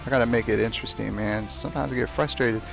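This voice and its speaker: A man's voice: medium pitch, steady tone, quick pace, gravelly, over music. A young man chatting casually as he streams a game, talking to himself and trash-talking opponents. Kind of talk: casual live gameplay commentary.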